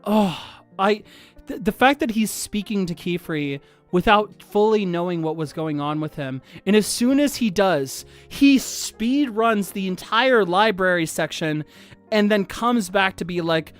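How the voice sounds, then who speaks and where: A streamer chatting casually on a livestream, gushing excitedly and swearing freely, with faint music behind. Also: mid-range voice, measured pace.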